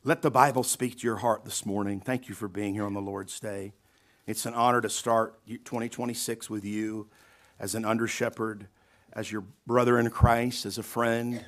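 A man pastor preaching a sermon in a church, emphatic and folksy, swinging between loud, stretched-out lines and quiet asides while asking the congregation questions. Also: fairly low pitch, little pitch movement, normal speed. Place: church sanctuary.

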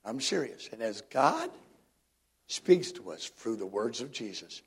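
A middle-aged male pastor preaching a sermon, swinging between loud emphatic lines and hushed ones. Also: medium pitch, very animated, a little slow, breathy edge.

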